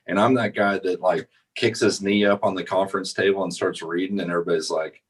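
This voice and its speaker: A man's voice: sits low, fairly even intonation, fast, hardly any pauses, breathy edge. A married man co-hosting a sales podcast, talking emphatically and repeating words as he works out his point. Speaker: podcast co-host. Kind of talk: casual chat.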